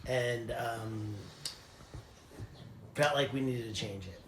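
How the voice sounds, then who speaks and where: A man's voice: mid-range voice, takes it slowly, a bit bright, a little hiss or hum. Chatty man cooing at animals, roomy echo. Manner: chatty, switches into cooing baby talk with animals. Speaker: animal sanctuary caretaker. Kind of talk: casual vlog narration.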